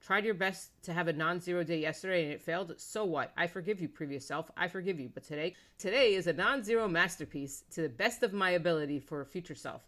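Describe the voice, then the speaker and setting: A woman's voice: on the low side, fairly bright tone. A woman in a casual conversation reading a long online post aloud, with hesitant asides and slangy, profane phrasing.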